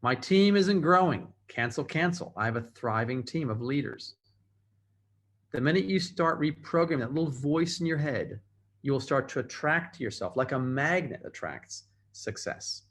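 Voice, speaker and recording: A man's voice: mid-range voice, lively intonation, normal speed, fairly bright tone. A man giving a motivational training talk over a video call, emphatic and repeating phrases for effect. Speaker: motivational speaker.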